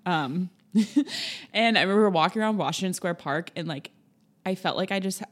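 Young woman host, lowish voice, chatty, giggly storyteller. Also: normal speed. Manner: giggly, rambling storyteller acting out quotes. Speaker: podcast host. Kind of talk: casual chat.

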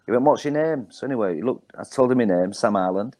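A man's voice: mid-range voice, rapid-fire, hardly any pauses, darkish tone. A man in his forties with a Hull accent, a stand-up comedian telling rambling stories as a podcast guest. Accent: Hull, Yorkshire. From Hull, England. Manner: rambling anecdotes with many ums and self-repeats. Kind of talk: casual storytelling on a podcast.

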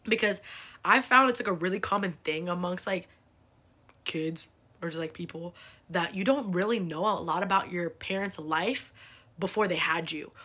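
A young American woman hosts a podcast, telling a family story in a loose, chatty way. Her voice is medium-pitched and a bit bright, packed with "like" and freely dropped swear words.

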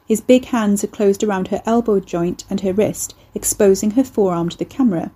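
A woman reading a horror novel aloud in a measured, intimate narration. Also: mid-range voice, dark tone, husky. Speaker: audiobook narrator.

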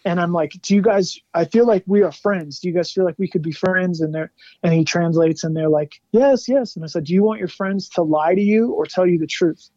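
A man guesting on an interview show, telling animated stories in a casual chat, laughing often and saying "like" a lot. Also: high voice, fairly quick, no room sound, muffled recording. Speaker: guest musician.

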